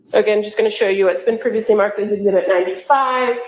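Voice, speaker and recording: A woman prosecutor questioning a witness in a courtroom, in measured, methodical questions with frequent pauses. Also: mid-range voice, steady tone. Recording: echoey courtroom audio.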